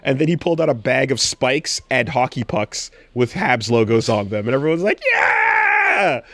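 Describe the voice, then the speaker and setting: A man co-hosting a podcast in casual chat, telling an excited story with animated quoted cries and frequent swearing. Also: mid-range voice, brisk, no echo. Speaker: podcast co-host.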